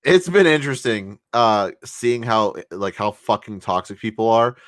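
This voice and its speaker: A man chatting on a podcast, his voice on the low side and recorded dry and close. He rambles through a story with plenty of fillers and casual swearing. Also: expressive, normal speed, a bit bright, no echo. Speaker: podcast co-host. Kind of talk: casual chat.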